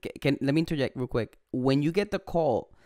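A man's voice: mid-range voice, animated, fairly quick, darkish tone, no echo, studio quality. A man hosting an interview podcast, chatting in a laid-back way, swearing often and laughing. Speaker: podcast host. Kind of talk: casual interview chat.

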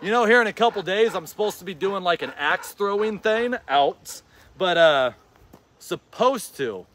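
A man vlogging outdoors while he plays fetch with his dog. He gives casual, rambling advice to his viewers and calls out to the dog in an excited, encouraging voice. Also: high voice, moderate pace, slight background noise. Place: outdoors, in a yard.

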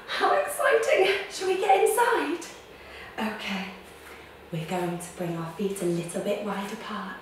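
Slow, playful kids' yoga teacher woman. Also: mid-range voice, a little hiss or hum. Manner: playful, gasping and making beeping sound effects. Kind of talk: guided story-time yoga for children. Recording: echoey room, distant mic.

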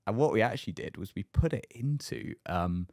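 A man, a podcast guest, telling a story in a lively, anecdotal way. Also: on the low side, fairly quick, no echo, clean studio sound. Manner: lively anecdotal, acts out other people's lines. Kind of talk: casual storytelling.

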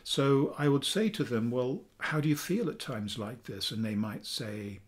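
A man, a therapist calmly teaching a self-help technique in a chatty video, with fillers, dropping softly for affirmations. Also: mid-range voice, a little slow. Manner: calm, chatty explaining with fillers, softening to near-whispers for affirmations. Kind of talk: talking-head teaching video.

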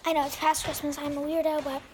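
A young girl vlogging casually at home, gushing and excitable, often dropping into whispers. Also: high voice, quick pace, slight background noise. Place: home, indoors.

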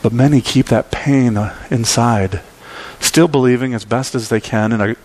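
A man's voice: mid-range voice, moderate pace, a little mellow. A male pastor preaching a sermon, telling a story with emphatic repeats.

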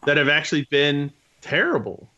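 A man's voice: a little high, expressive, moderate pace, bright, forceful tone, dull audio. A man co-hosting a casual podcast chat, easygoing and a little hesitant as he talks. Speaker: podcast co-host.

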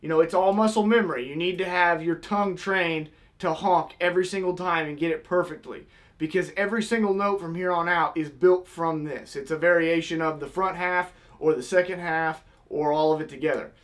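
A man's voice: a little high, fairly even intonation, a little fast. A young man casually teaching, step by step, how to blow a goose call. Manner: step-by-step, demonstrating with vocal honk sounds.

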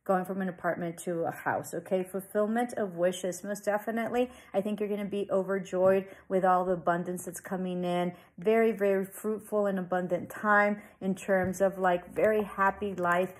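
A woman giving a tarot reading to her viewers, speaking in a relaxed, rambling way. She reassures them and keeps checking in with little tag questions. Her voice sits at a middle pitch for a woman. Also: moderate pace, hardly any pauses, poor audio. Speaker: tarot reader. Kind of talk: casual tarot reading to camera.

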